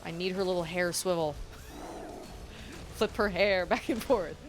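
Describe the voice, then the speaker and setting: Speaking in a fairly low voice at a measured pace, a woman plays a video game on stream and chats casually. She frequently exclaims and laughs, backed by faint game music.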